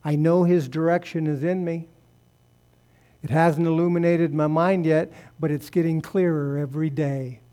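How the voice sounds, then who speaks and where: A man preaching a sermon in a church service, speaking earnestly and dropping soft when he prays. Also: on the high side, steady tone, moderate pace. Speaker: pastor. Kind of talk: sermon and closing prayer.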